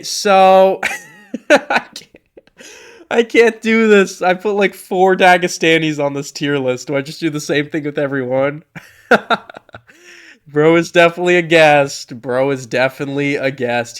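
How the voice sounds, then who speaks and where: A young man talks through a tier list in a loose, joking way. His voice sits a bit high, and he rambles, restarts and laughs at his own lines. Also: clear, resonant tone. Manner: rambling, jokey, self-interrupting. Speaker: commentator. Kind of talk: casual tier-list commentary.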